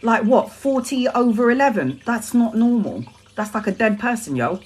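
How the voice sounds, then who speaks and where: Animated laughing woman telling a story. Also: a little high, normal speed, breathy edge. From Brazil. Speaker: tarot reader. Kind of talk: live-stream storytelling.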